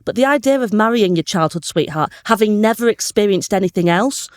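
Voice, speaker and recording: A woman comedian reading aloud her own comic story, telling it with lively energy and bursts of laughter. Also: medium pitch, a little fast, dry recording, clean studio sound.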